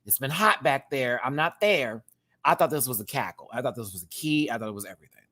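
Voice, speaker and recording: A man in his thirties, a drag queen, giving a sassy, animated casual review and laughing often while answering viewers. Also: medium pitch, fairly quick. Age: 30s. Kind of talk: casual chatty episode review.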